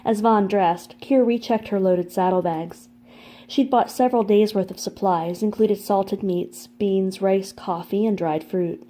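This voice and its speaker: This is scripted audiobook narration: a woman reads fantasy fiction aloud, calm and measured. Warm, mellow tones at an ordinary middle pitch carry the prose at a consistent storytelling pace.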